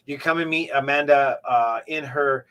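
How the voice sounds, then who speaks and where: A man's voice: mid-range voice, normal speed, a bit bright, clean tone. A man co-hosting a local morning show in casual chat, rambling and restarting with lots of fillers. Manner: rambling, repeats words, many fillers.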